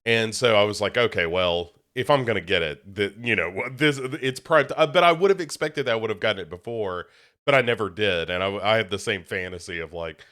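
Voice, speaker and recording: A man's voice: fairly low pitch, brisk, a bit bright. A young man co-hosting a podcast, a little congested, chatting casually in a rambling, self-deprecating way with many restarts. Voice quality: slightly congested. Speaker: podcast co-host. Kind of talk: casual chat.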